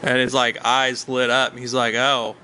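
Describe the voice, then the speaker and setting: Guy telling a hunting story, lots of ums, kinda punchy bright voice. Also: mid-range voice, little pitch movement, a little slow, a little hiss or hum, low-quality recording. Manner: rambling, with many ums and uhs. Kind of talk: casual storytelling chat.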